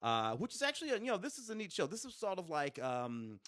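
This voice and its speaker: A man's voice: high voice, quick pace, no echo, clean studio sound. A man co-hosting a casual podcast, enthusiastically reviewing home video releases. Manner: animated, restarts and fillers, enthusiastic. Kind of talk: casual chat.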